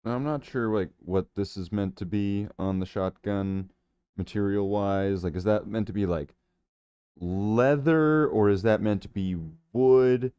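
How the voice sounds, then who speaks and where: A man's voice: fairly low pitch, unhurried, mellow, clear, resonant tone, no echo. A man talking casually while painting miniatures, rambling with jokey silly asides.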